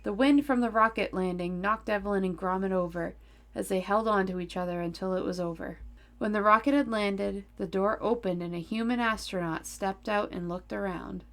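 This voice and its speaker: A woman's voice: mid-range voice, moderate pace. A woman reading a children's story aloud on a podcast, playful and teasing in her asides, into a desk microphone.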